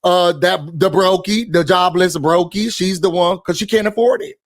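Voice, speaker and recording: A man's voice: high-pitched, steady tone, normal speed, dry recording, studio quality. A man recapping and ranting about a reality show in a chatty, opinionated way, full of slang and fillers. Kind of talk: casual recap and rant.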